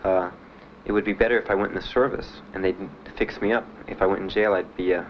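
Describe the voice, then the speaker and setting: An older man recounting his past in a halting interview, with many pauses and fillers. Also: sits low, fairly even intonation, muffled recording, slight background noise. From Miami. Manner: plain, halting storytelling with many "uh"s and "you know"s. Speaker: Vietnam veteran interviewee. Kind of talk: personal recollection in an interview.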